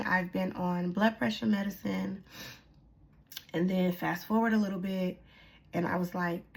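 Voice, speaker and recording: Candid woman with a gravelly voice. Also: fairly low pitch. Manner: candid and chatty, many fillers. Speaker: vlogger. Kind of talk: casual personal vlog. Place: lives on a military post.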